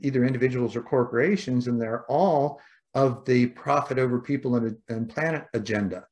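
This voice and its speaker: A man's voice: medium pitch, normal speed, a little mellow. A man in casual conversation, reflective and philosophical, often restarting and repeating words.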